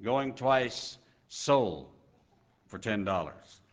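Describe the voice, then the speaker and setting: A man voicing a calm, persistent male auctioneer who calls out bids in a drawn-out, insistent way, in a sermon story. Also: lowish voice, exaggerated voice.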